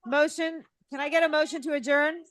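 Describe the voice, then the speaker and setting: Calm woman chairing a meeting. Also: sits high, fairly quick, dry recording. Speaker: committee chair.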